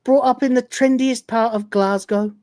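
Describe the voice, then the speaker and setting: A woman voices a spoiled young female officer who is sarcastic and fed up, with a sardonic mood. She pitches her voice a little high, above her own natural voice, though it stays close to an everyday voice. Her intonation is fairly even, her pace normal and her tone a little mellow, in a studio-quality recording with no room sound.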